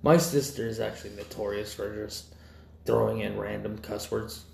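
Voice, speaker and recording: A man co-hosting a podcast in profane casual banter, laid-back and quick to laugh. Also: on the low side, steady tone, gravelly. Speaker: podcast co-host. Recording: echoey room with faint noise.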